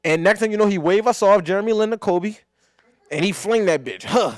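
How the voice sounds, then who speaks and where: A young man co-hosting a podcast, telling casual stories with plenty of swearing and loud laughs. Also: high-pitched, brisk, no echo, studio quality. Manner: animated storyteller, swears freely, laughs loudly. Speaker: podcast co-host. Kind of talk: casual chat.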